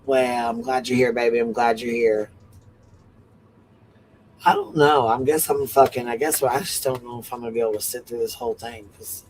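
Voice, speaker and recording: Male panel guest, mid-pitched, loose and profane, drifting chatter. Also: fairly even intonation, moderate pace, a little mellow, a little hiss or hum, poor audio. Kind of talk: casual livestream chat.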